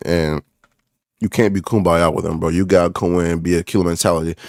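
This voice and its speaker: A man's voice: sits low, level tone, quick pace, darkish tone, no echo, clean studio sound. Frustrated young man ranting about basketball. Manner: frustrated, repetitive, calls out players by name, says "bro" a lot. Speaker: basketball fan. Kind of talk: ranting sports reaction vlog.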